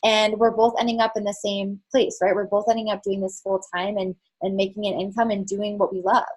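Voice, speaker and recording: A woman's voice: mid-range voice, flat delivery, a little fast, a little mellow, husky. Frank, chatty woman coaching her team. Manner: frank and chatty, swears, many fillers. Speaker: network marketing fitness coach. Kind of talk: candid motivational team call talk.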